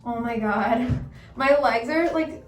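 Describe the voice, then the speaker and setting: A woman vlogger talking to the camera at home, excitable and breathless, repeating herself. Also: fairly high pitch, takes it slowly. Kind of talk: live reactions to the camera. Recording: echoey room, mic at a distance.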